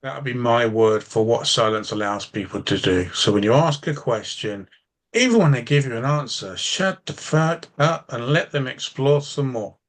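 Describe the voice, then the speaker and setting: A man in casual podcast chat, blunt and unfiltered, swearing to make his point. He rambles and restarts sentences as he thinks aloud, at a middling pitch for a man. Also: expressive, normal speed. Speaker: driving instructor and coach.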